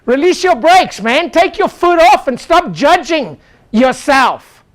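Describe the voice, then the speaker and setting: A man's voice: very high voice, sing-song, slow pace. An older man, a chiropractor, giving an exclamatory motivational seminar talk and leading the audience in call-and-response chants. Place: lecture room with a live audience.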